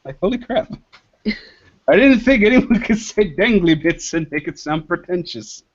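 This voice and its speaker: A man jokes and laughs his way through a video call chat. His voice sits a little high and moves with lots of expression. The call audio is dull and lo-fi. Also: expressive, normal speed. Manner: joking, laughs a lot. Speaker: artist on a show.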